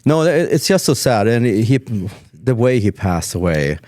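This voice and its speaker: A man's voice: medium pitch, big pitch swings, measured pace, darkish tone, dry recording, studio quality. A man hosting a casual chat, chatty and eager, often agreeing. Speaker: podcast host.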